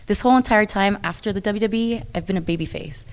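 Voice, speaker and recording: Woman wrestler, interview guest: chatty, animated, frequent restarts and laughs. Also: mid-range voice, quick pace. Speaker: professional wrestler. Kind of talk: interview conversation.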